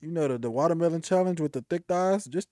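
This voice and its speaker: A man's voice: on the high side, fast, warm tone, dry recording, clean studio sound. A man co-hosting a podcast, joking and swearing in casual chat. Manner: joking, profane, laughs often. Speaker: podcast co-host.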